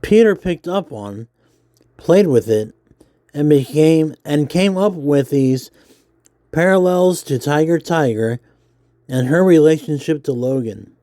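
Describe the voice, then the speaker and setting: Man, nerdy voice, mellow tone, easygoing read-aloud with fillers. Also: fairly high pitch, a little slow, dry recording, studio quality. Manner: self-described nerdy voice, relaxed with fillers. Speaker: comics vlogger. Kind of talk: casual reading aloud while drawing.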